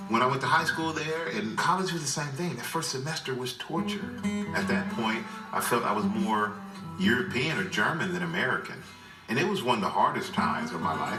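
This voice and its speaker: Brief: former football player in interview, bright forceful tone, roomy distant audio with a soft music bed. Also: male voice, mid-range voice. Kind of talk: reflective interview storytelling.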